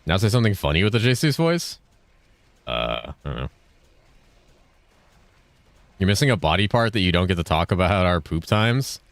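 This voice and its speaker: A man streaming games and chatting casually with his viewers, with dry, fairly monotone banter. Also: low voice, a little fast, no echo. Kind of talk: casual chat while gaming.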